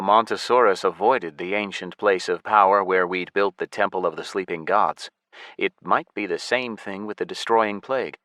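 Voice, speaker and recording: A man narrating a science fiction audiobook in the first person with a steady, even delivery. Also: low voice, moderate pace, no echo.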